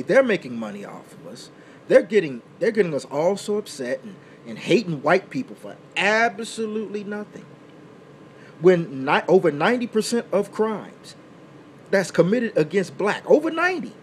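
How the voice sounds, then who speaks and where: A man's voice: sits high, slight background noise. A man hosting a talk radio show, delivering an impassioned, preachy monologue from a small indoor room. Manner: impassioned and preachy, building to loud emphatic outbursts.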